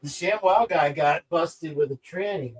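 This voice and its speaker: Higher-voiced man rambling on a podcast. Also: a little slow, breathy edge, poor audio. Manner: rambling, jokey, distracted while fiddling with gear. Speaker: podcast co-host. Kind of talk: casual chat.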